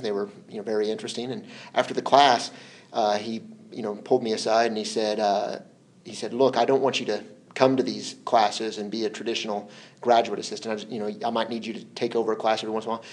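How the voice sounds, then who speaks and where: Low-voiced man telling stories, hesitant. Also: a little mellow. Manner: hesitant, repeats words, laughs often. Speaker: interview guest, former translation collaborator. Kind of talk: relaxed conversational storytelling.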